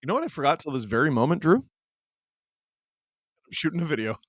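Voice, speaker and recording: A man in his thirties hosting a stream, reading chat aloud and telling stories in an animated, casual way. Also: fairly high pitch, fast talker, no room sound, studio quality. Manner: animated storyteller, reads chat aloud, laughs often.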